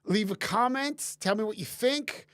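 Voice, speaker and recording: A man's voice: high-pitched, unhurried, fairly bright tone, dry recording, studio quality. A man in his forties hosting a live-stream Q&A from a basement, talking casually and rambling with lots of fillers and restarts.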